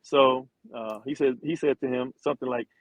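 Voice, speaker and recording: This interview guest, a middle-aged former football player turned singer, tells a lengthy story casually and animatedly, voicing the characters he quotes and restarting lines often. He speaks at a normal pace in a mid-range pitch. The audio is dry, close and of poor quality.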